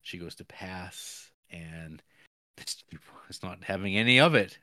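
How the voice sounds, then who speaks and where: Deep-voiced man recapping a film. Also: measured pace, sharp tone, no echo, clean studio sound. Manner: rambling, chuckles often, many fillers. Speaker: podcast co-host. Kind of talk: casual film recap chat.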